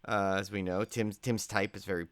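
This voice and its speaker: A man's voice: lowish voice, little pitch movement, moderate pace, clear, resonant tone, no room sound. A tired man co-hosting a podcast in casual chat, rambling and joking as he drifts off on tangents. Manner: rambling, jokey, wanders off on tangents. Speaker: podcast co-host.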